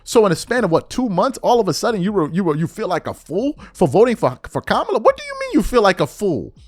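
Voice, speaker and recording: A man hosts a podcast with a high, lively voice that climbs and drops as he questions and reads news aloud. The sound is dry and close, with faint music underneath. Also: quick pace, dry recording. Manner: animated, incredulous, reads articles aloud. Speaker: podcast host. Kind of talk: political commentary.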